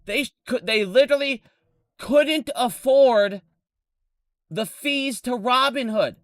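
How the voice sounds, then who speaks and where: A man's voice: very high-pitched, takes it slowly, no room sound, studio quality. A man in his thirties ranting on a live stream, angry and heavily profane. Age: 30s.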